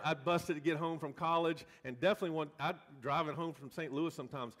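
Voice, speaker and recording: A man pastor telling a story in a sermon, in an animated, folksy way with many restarts. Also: on the high side. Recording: long reverb of a church hall.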